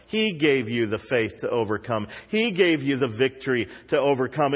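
A man preaching a sermon as pastor, earnest, rising higher and louder when he exhorts. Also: sing-song, moderate pace, hardly any pauses, big-room sound.

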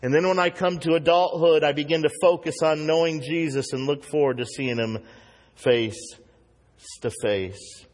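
A man preaching a sermon as pastor, earnest, rising higher and louder when he exhorts. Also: normal speed, in a large hall.

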